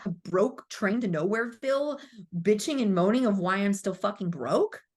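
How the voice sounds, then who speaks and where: A medium-pitched, slightly mellow voice comes from a woman in her thirties, a spiritual coach telling her story on a podcast, expressive and at a moderate pace. It's an emotional interview where she speaks candidly, swears a lot, and re-enacts her earlier self.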